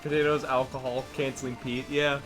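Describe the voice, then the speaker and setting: A man's voice: mid-range voice, level tone, fairly quick, fairly bright tone. Joking man chatting over game music. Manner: joking, laughs often, rambles with restarts. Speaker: streamer playing a game with friends. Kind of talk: casual gaming chat.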